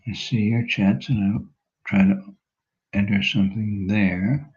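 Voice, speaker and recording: A man leading an online class, wrapping up slowly and hesitantly, thinking aloud between words. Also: fairly low pitch, steady tone, a little mellow, muffled recording. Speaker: class leader. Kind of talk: casual closing remarks on a video call.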